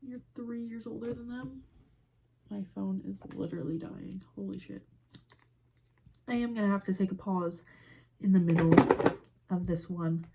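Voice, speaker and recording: A woman's voice: medium pitch, normal speed, creaky, long pauses, mellow, husky. A young woman hosting a podcast, ranting in a heated, profane and exasperated way while doing her makeup and recording on her phone. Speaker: podcast host. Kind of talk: casual ranting commentary.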